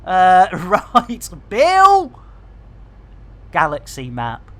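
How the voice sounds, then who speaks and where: During a live game stream, a middle-aged English man with a Barnsley, Yorkshire accent keeps up jokey, catchphrase-filled chatter. His high-sitting voice is expressive and fairly bright, and he doesn't hurry.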